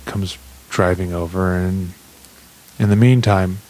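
A man's voice: low voice, slow, slight background noise. A man telling a crude joke story in casual podcast chat, swearing constantly and acting out every quote. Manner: profane, animated storyteller, acts out quotes. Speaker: podcast co-host.

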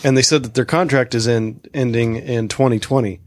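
Halting man giving a news rundown. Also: medium pitch, fairly even intonation, no echo. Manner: hesitant, fills with uh and um. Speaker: news segment presenter.

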